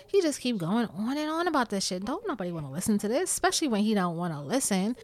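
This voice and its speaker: A woman's voice: on the high side, very animated, quick pace, hardly any pauses, darkish tone. Blunt, profane New York woman. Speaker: vlogger. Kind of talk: candid storytime talk to viewers.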